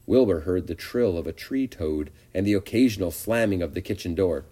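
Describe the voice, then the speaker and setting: A man narrates a children's storybook with gentle expression and a lively, sing-song lilt. His voice sits fairly low and sounds warm and mellow. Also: fairly quick. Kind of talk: storybook read-aloud.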